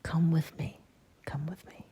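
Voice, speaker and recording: A woman voicing a mysterious long-legged owl creature in a whispered role-play, speaking slowly and solemnly. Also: dark tone, close to an everyday voice. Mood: coaxing. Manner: slow, solemn, cryptic.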